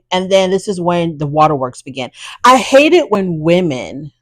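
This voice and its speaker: A woman's voice: on the low side, no room sound, low-quality recording. A woman hosting a casual TV recap, chatty and opinionated with sassy asides. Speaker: reality TV recap host.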